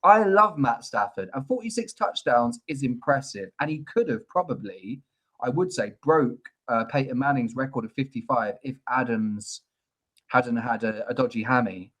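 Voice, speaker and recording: Young guy cohosting a footy podcast, easygoing and rambly, normal pitch. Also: expressive, normal speed, a bit bright, low-quality recording. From Ireland or UK. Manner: affable, rambling, joking. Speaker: podcast co-host. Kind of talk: casual chat.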